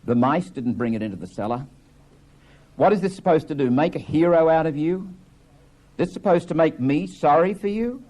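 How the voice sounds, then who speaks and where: A man reading aloud as an angry grown son confronting his father, raised and forceful. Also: medium pitch, animated, moderate pace, hardly any pauses, natural voice.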